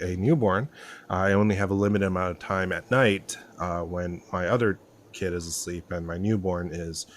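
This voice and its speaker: A man in his thirties with a fairly low voice, talking fast and with excitable energy. He chats casually as a podcast co-host, heard over a video call from home.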